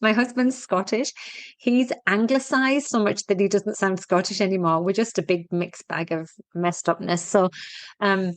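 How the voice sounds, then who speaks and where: A woman's voice: mid-range voice, fairly even intonation, normal speed, no room sound. A middle-aged woman from Teesside with a blurred northern English accent, telling her story as a podcast guest in a chatty, blunt, self-mocking way. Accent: mixed northern English, Teesside. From Teesside, England. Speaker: guest, fitness and women's health expert. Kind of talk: casual interview chat.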